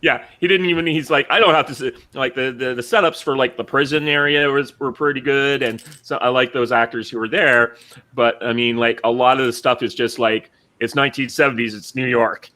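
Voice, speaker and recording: A man's voice: medium pitch, fairly even intonation, brisk, bright, forceful tone. A man chatting casually about films, hesitant and full of fillers, sounding a bit tired. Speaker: podcast co-host. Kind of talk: casual movie chat.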